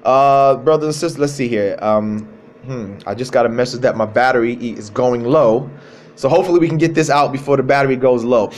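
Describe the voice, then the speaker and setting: A man giving a livestreamed religious talk into his cell phone, emphatic, repeating key phrases and slowing down to stress words. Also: mid-range voice, slight background noise. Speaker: religious speaker.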